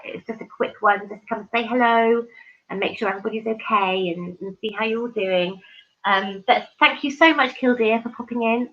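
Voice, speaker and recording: Woman, fairly high voice, chatty live-stream host, effusive, lots of ums, muffled lo-fi audio. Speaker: livestream host. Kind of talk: casual live-stream chat reading viewer comments.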